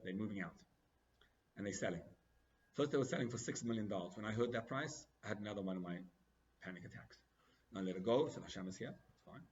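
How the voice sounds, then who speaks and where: A man's voice: lo-fi sound, slight background noise. A man who is a rabbi, telling a story in a sermon and acting out the dialogue with big swings in his voice. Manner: animated, acts out dialogue with big pitch swings.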